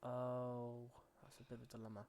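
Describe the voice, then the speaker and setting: A man's voice: mid-range voice, monotone, moderate pace, darkish tone, slight background noise. A man hosting a gaming channel, talking to himself as he plays in loose, rambling commentary full of fillers and restarts. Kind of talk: casual gameplay commentary.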